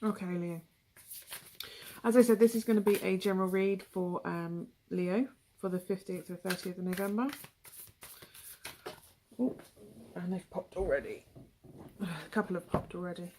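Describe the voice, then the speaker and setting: A woman's voice: fairly low pitch, moderate pace, pauses often, dark tone, slight background noise. A young woman with a West Country English accent giving a casual, rambling tarot reading, full of asides and ums. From England. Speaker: tarot reader.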